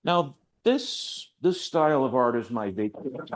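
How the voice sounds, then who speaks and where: An older male artist gives an informal, rambling talk about his work to an audience at an art gallery, adding chatty, self-deprecating asides. His medium-pitched voice is animated and unhurried.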